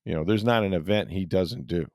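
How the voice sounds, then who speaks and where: Middle-aged male podcast host with a deep voice, chatty and rambling, dry studio sound. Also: fairly quick, a little mellow, no room sound. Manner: rambling storyteller with many fillers. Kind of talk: casual sports podcast chat.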